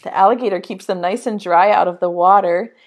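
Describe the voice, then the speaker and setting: A woman with a mid-range voice leads storytime for an online preschool class, reading a picture book to small children. She speaks slowly and singsong, punctuating the story with animated exclamations.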